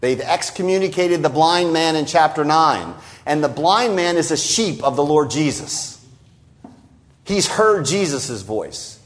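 A man preaching an expository sermon, stressing key phrases and quoting scripture slowly for emphasis. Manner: emphatic, rising on key phrases and dropping low at the ends of lines; repeats words for stress and quotes scripture in a slowed voice.

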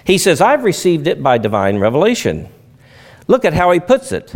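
A man's voice: a little high, huge pitch swings, moderate pace. A man preaching a sermon, with emphatic rises and drops and folksy turns of phrase.

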